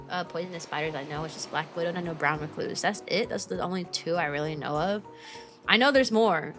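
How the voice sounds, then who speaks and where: A woman's voice: mid-range voice, a bit bright. A young adult woman streaming casual chat, rambling and slangy with lots of fillers and restarts. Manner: rambling, chatty, slangy with many likes and restarts. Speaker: VTuber streamer.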